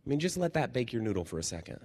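A man preaching a sermon as a chaplain, lively and jokey, moving between loud bursts and hushed near-whispers. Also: medium pitch, racing, breathy edge. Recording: long hall reverb.

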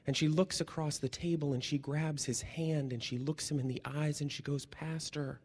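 A man pastor preaching a sermon, telling stories with energy and dropping to hushed, slow tones for emphasis. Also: fairly high pitch, steady tone, slightly rough, big-room sound.

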